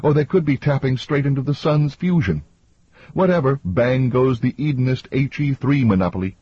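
A husky-voiced man reading an audiobook, voicing a level-headed woman scientist in a matter-of-fact tone, a little higher than his own voice. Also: moderate pace, mellow, no room sound, highs cut off, lightly acted. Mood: musing. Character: Catherine, a woman crew scientist, level and factual.

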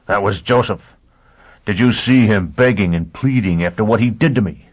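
A man's voice: sits low, normal speed, gravelly. A male reader voicing a volatile, hot-tempered young spaceman who talks bluntly and impatiently. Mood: angry. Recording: tinny phone-like sound.

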